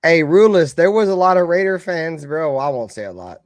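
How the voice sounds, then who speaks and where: A high-voiced man rants like a heated sports fan, cursing constantly and lurching from loud bursts to low mutters. His voice sounds close and dry, with no room around it. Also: very animated, moderate pace, no echo. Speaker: live stream host. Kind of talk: profane fan rant.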